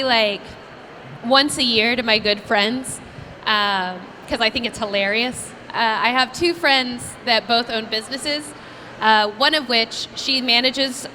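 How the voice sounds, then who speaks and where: A woman voice actress telling stories at a convention Q&A, chatty and animated, laughing often. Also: a little high, a little hiss or hum. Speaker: voice actress guest. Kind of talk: convention Q&A storytelling. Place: convention panel room.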